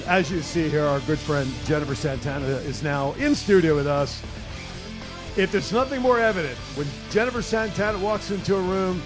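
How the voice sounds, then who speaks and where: A man's voice: fairly high pitch, lively intonation, moderate pace, music in the background. A man hosting a live studio stream, joking, laughing and plugging events in a casual chat. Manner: jokey, laughing, hypes and plugs events. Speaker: host.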